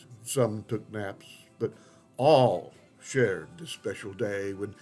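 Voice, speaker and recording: A man narrates a rhyming storybook at an unhurried, drawn-out pace with a sing-song lilt. His pitch is ordinary for a man, and faint music runs softly beneath his voice.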